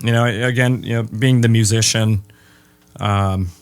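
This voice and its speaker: A man from the Midwest, a guest who makes bass guitars, chatting casually in an interview with dry humor and frequent pauses. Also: steady tone.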